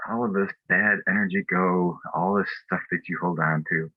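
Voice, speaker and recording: A man's voice: low voice, steady tone, moderate pace, dry recording, phone-quality sound. A man putting on an Irish accent to voice his past-life wife, playfully threatening in a mock-stern way. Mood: firm.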